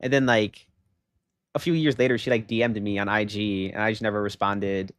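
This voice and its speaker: Animated young male streamer ranting. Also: on the low side, fairly quick, no echo. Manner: animated, rambling, emphatic, says "bro" and "okay?". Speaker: livestreamer. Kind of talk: casual livestream chat.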